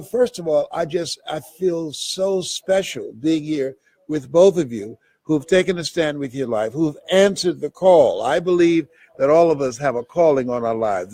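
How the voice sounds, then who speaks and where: A man's voice: a little high, measured pace, a little mellow, dry recording. A motivational speaker addressing his audience in a preacherly, rhythmic way, driving his points home through emphatic repetition. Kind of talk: motivational speech.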